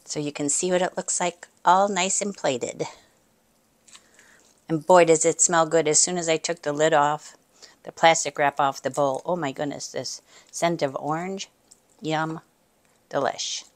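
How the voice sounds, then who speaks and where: A woman's voice: low voice, steady tone, measured pace, long pauses. A woman hosting a cooking video from her kitchen, chatting straight to viewers and murmuring with pleasure as she tastes. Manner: savoring, with appreciative murmurs. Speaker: cooking channel host. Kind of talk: casual cooking demonstration.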